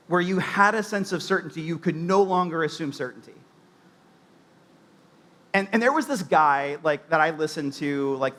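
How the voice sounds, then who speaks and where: Chatty preacher man, higher voice. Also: pushed and bright. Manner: conversational, many fillers and restarts. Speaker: pastor. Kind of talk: sermon. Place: church.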